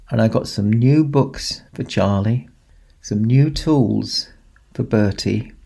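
Slow, gravelly storyteller man. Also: medium pitch. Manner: gentle, expressive, dramatic pauses. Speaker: storyteller in a Santa persona. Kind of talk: children's storytelling.

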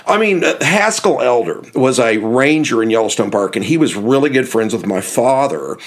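A middle-aged man from the United States, hosting a podcast and telling rambling, animated anecdotes with restarts and chuckles. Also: medium pitch, normal speed. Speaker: podcast host. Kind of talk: casual storytelling.

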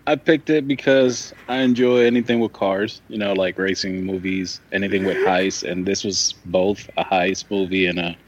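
A man hosting a casual movie podcast with friends, loose and quick to laugh. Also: low voice, fairly even intonation, highs cut off. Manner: giggly, loose, laughs often. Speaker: podcast host. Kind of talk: casual chat.

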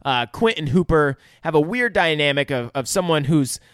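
A man's voice: a little high, animated, normal speed, fairly bright tone, no echo, studio quality. A man on a podcast casually retelling a film scene by scene, swearing freely and rambling. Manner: profane, rambling play-by-play retelling. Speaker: podcast co-host recapping a film. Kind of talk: casual chat.

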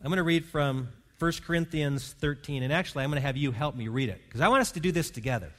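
A man's voice: fairly high pitch, fast. A man preaching a sermon as pastor, earnest and pastoral, leading his congregation in prayer and reading. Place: church hall.

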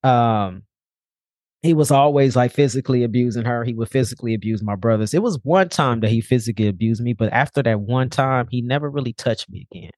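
A man's voice: medium pitch, brisk, a little mellow, no room sound, studio quality. Blunt, candid man telling his story. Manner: blunt, casual, swears freely. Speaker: podcast guest.

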